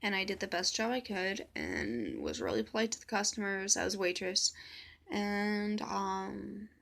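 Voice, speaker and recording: A woman's voice: medium pitch, lively intonation, a little slow, creaky, a bit bright. A woman telling a personal story in a casual vlog, blunt and swearing freely as she quotes others. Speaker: vlogger.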